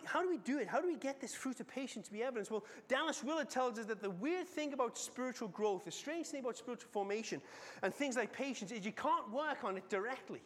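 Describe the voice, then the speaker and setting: A middle-aged man preaching a sermon as a pastor, telling the story dramatically and swinging between loud and hushed delivery. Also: extremely high pitch. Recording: long reverb of a large hall.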